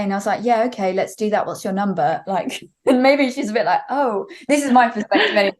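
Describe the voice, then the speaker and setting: A young woman guest talks at length and wanders through her story. She leans on fillers and restarts, and her voice sits at a middle pitch. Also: fast. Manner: rambling storyteller, many fillers and likes. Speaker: guest singer. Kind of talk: casual interview chat.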